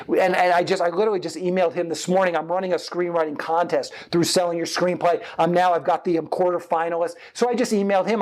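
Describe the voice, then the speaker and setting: A man's voice: on the high side, darkish tone. A middle-aged man, a filmmaker guest, chatting and giving advice in a rambling, casual interview.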